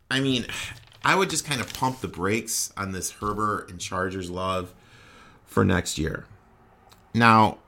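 A young man with a slightly low voice tears into players on his sports podcast. He rants heatedly and swears constantly, with sudden bursts of indignation. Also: fairly bright tone. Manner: profane, heated, ranting. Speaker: podcast host. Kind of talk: ranting sports podcast monologue.

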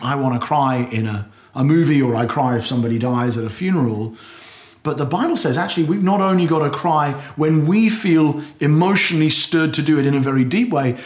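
A man preaching a sermon, earnest and conversational, acting out anguished prayers loudly. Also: fairly high pitch. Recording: echoey hall.

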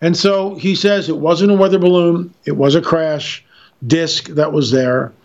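Brief: male interview guest, emphatic storyteller, higher voice, dull lo-fi sound. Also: steady tone, measured pace. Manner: emphatic storytelling, frequent restarts. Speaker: interview guest, filmmaker and author. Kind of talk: animated radio interview talk.

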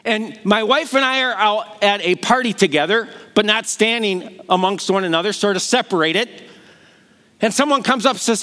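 A man's voice: high-pitched, normal speed, bright, forceful tone. A middle-aged man preaching a sermon, telling the stories with animation and acting out the voices he quotes. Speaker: pastor.

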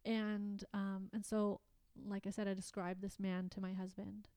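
A Canadian woman, appearing as a guest in a conversation, tells a heartfelt personal story haltingly and emotionally, restarting often. Her voice is ordinary in pitch, level and dark in tone, recorded close up in a dry room without echo.

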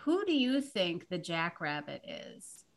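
A woman in casual conversation about a movie, chatty and reflective, getting softer as she muses. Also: on the low side, big pitch swings, slow pace, gravelly.

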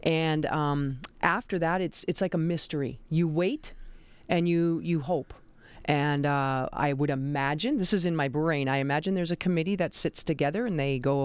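A woman is a guest in a radio studio, telling stories in a lively, animated way and acting out the voices of the people she quotes. Her voice is smooth and clear at a middle pitch, and the sound is dry and close. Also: moderate pace, no echo. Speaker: basketball official and teacher. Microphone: studio microphone.

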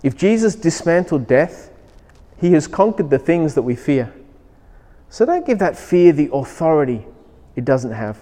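A man's voice: a little high, very animated, unhurried, warm tone. A man preaching a sermon as pastor, telling stories with emphatic rising lines. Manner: storytelling, acts out child's voice, emphatic rises. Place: church hall. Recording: long reverb of a hall.

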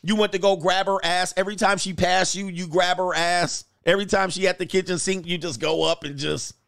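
A man's voice: high-pitched, a little fast, vocal fry, no room sound, studio quality. A middle-aged man hosting a casual livestream, reading chat comments and acting out quoted lines, laughing often. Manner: laughs often, loose and animated, acts out quoted voices.

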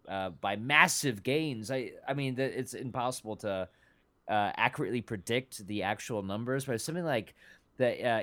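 A man co-hosting a movie podcast in casual chat, talking haltingly with many restarts as he shares fun facts. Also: medium pitch, fairly bright tone, clean tone. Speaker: podcast co-host.

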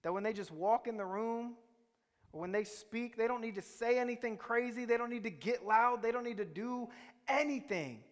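A man's voice: extremely high pitch, normal speed. A man preaching a sermon, telling stories in a conversational way and quizzing the congregation. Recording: reverberant hall.

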